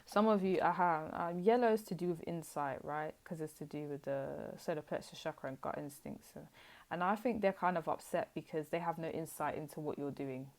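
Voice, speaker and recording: A young woman giving a casual tarot reading, chatty and blunt with animated asides. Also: low voice, a little fast. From United Kingdom. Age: young adult. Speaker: tarot reader.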